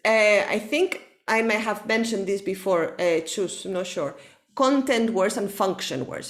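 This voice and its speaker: A woman's voice: mid-range voice, fairly bright tone. A woman with a Spanish accent teaching an English lesson, explaining patiently and checking in with her student.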